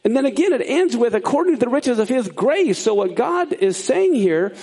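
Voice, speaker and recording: A man teaching a sermon, explaining Bible words in an animated way that swings up high for emphasis. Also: normal speed, breathy edge.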